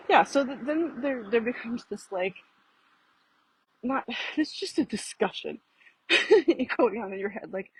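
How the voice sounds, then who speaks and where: A woman with a husky, slightly breathy voice, winded from walking uphill. She rambles and restarts with frequent laughs, recorded dry and close on a phone outdoors. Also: medium pitch, no echo, low-quality recording. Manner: rambling, self-interrupting, laughing often. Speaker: vlogger. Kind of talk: casual reflective talk while walking. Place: outdoors on a street.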